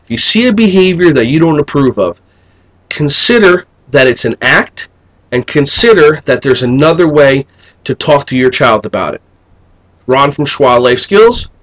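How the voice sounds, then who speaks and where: A middle-aged man, a behavior management educator, talking to camera in a video blog and telling stories in an animated way, acting out the voices he quotes. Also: fairly high pitch, normal speed, rough recording. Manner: animated storyteller who acts out quoted voices.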